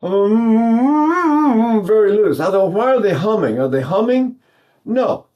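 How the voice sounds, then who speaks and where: Older man, from East Texas, voice teacher, rambling folksy lesson, slightly high voice. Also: big pitch swings, normal speed, mellow. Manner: rambling, folksy, many restarts and fillers. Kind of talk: singing lesson with sung demonstrations.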